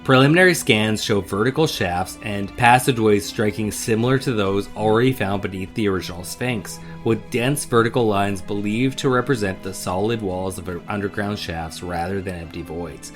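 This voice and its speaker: A man's voice: on the low side, normal speed, hardly any pauses, soft background music. A man co-hosting a podcast, reading out news passages and dropping wry, joking asides. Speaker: podcast co-host. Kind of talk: casual chat and reading news aloud.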